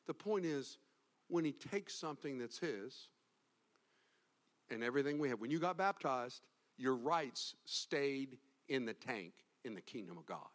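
A man preaching from the pulpit, telling a story in a low, hushed voice and then rising into loud, fervent exhortation. His pitch sits in an ordinary middle range for a man, and he talks straight to a congregation. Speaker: pastor. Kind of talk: sermon.

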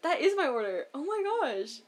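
A woman co-hosting a podcast, chatting casually about a reality show, full of "like" and quick laughs. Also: sits high, very animated. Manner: chatty, lots of "like", laughs often. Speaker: podcast co-host.

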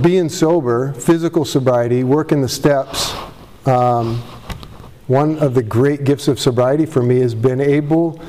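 A man's voice: medium pitch, warm tone. A man speaking at a recovery meeting to a live audience, candid and self-deprecating, rambling with restarts, his voice cracking with emotion. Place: meeting room before an audience.

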